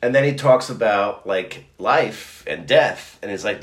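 A middle-aged man chatting casually as a co-host, telling stories in a rambling, animated way with many restarts. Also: fairly low pitch, unhurried, few pauses. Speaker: podcast co-host. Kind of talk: casual chat. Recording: roomy echo.

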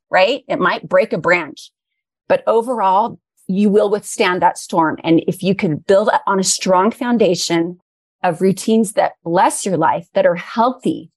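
A middle-aged woman with a medium-pitched voice talks earnestly and with feeling as a guest in an interview conversation, growing a little emotional at times. The recording is dry.

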